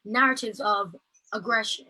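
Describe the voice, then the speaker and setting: A woman's voice: medium pitch, moderate pace, sharp tone, slight background noise, poor audio. A woman, giving earnest, impassioned personal testimony over a video call. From Ireland. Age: late teens. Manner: earnest, impassioned, filler-heavy storytelling. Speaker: protest speaker.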